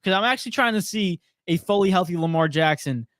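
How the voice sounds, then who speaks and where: A young man with a slightly high voice co-hosts a sports chat in a laid-back, chuckling way. He reads out viewer comments, and his voice sounds dry and close. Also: expressive, quick pace, fairly bright tone, no room sound. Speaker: co-host. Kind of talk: casual sports podcast banter.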